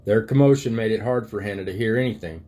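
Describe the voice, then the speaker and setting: A grandfather with a lowish voice reads a storybook to his grandchildren. His delivery is soft and unhurried.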